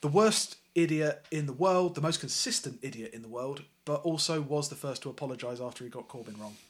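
A man's voice: on the high side, brisk. A man co-hosting a casual political podcast, sarcastic and sweary, often restarting his sentences. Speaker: podcast co-host.

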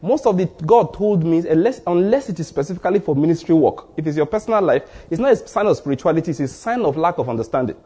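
A man preaching a sermon as pastor, telling stories and acting out short exchanges, with sudden rises in pitch for emphasis. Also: animated, quick pace, hardly any pauses, dark tone, slightly rough. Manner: storytelling, acts out dialogue in asides.

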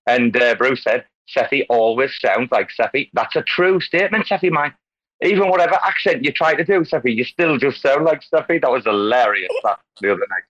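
A man hosts a casual community voice call, talking in loops and repeating phrases as his excitement builds. His tone is bright and pushed, and the call audio sounds muffled and lo-fi. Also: mid-range voice, brisk, dry recording. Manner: rambling, repeats himself, excitable, calls people darling. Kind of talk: casual online group chat.

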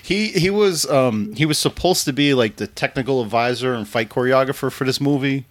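A man's voice: mid-range voice, brisk. A man hosting a podcast, chatting casually and laughing as he recaps a film. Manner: laughs often, animated recaps. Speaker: podcast host. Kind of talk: casual chat.

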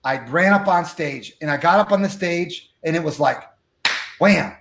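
A man telling a story from his life as an interview guest, acting out the dialogue with lively energy. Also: on the high side, normal speed, creaky, roomy sound, noisy background. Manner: animated, acts out dialogue. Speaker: guest speaker.

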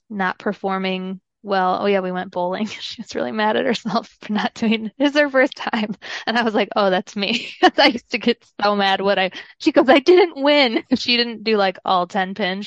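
A woman's voice: mid-range voice, no echo. Woman cohost rambling along, says like a lot, kinda dull muffled sound. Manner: rambling, heavy use of filler like. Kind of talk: casual conversational talk.

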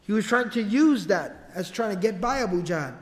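A man telling a historical story as a lecture, in a casual, lively way with slangy asides. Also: sits high, normal speed. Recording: long hall reverb.

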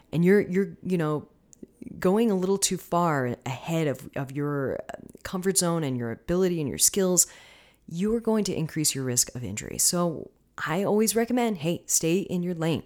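A woman's voice: fairly low pitch, animated, moderate pace, darkish tone. A woman hosting her own podcast, talking casually and coaching her listeners, often checking in with them. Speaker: podcast host. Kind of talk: casual solo podcast talk.

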